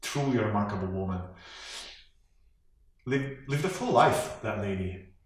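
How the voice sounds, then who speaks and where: An actor playing a cynical, washed-up male horse, a former sitcom star, delivering a sardonic, deadpan eulogy monologue. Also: fairly low pitch, unhurried. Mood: mock-cheerful. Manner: sardonic, deadpan, self-deprecating. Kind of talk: comic monologue performance. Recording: very echoey room.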